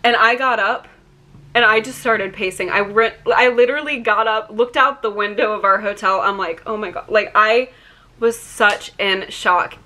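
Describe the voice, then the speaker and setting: A woman's voice: mid-range voice, steady tone, moderate pace, sharp tone. A young woman vlogger telling a personal story in a chatty, emotional way, full of "like" fillers. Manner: chatty, many "like" fillers, gets choked up.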